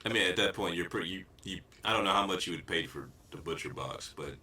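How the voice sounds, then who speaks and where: A man's voice: low voice, quick pace, pushed and bright, far from the mic. A man co-hosting a casual podcast chat, laughing often and swearing freely. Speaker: podcast co-host. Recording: echoey room, voice off-mic.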